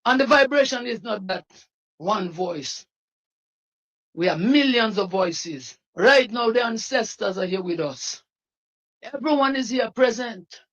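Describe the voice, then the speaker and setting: A man's voice: high voice, vocal fry, fairly bright tone, highs cut off. A man with a Dominican accent speaking as an activist at a news interview, fiery and pleading, repeating himself. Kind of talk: impassioned street interview.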